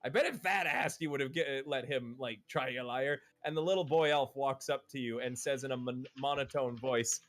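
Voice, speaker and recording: A man's voice: medium pitch, normal speed, hardly any pauses, a bit bright, faint music behind. A man narrating as game master for a tabletop game, playfully voicing the characters.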